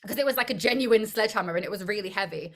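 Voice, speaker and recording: A young woman, an actor appearing as an interview guest, chats casually and tells her stories with animated energy, laughing often. She speaks very fast in a medium-pitched voice.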